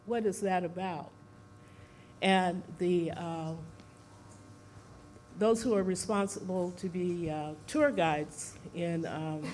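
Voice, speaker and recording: A speaker giving an informal talk at a seminar, out of breath, pausing often on fillers and putting questions to the audience. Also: medium pitch, darkish tone, a little hiss or hum. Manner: halting, many fillers, asks the audience questions.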